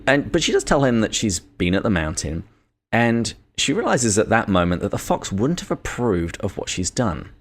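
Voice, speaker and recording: A British man with a very low, deep voice talks through a book on a podcast. He is measured and reads short passages aloud as he goes. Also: sing-song. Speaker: podcast co-host. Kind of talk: casual book discussion.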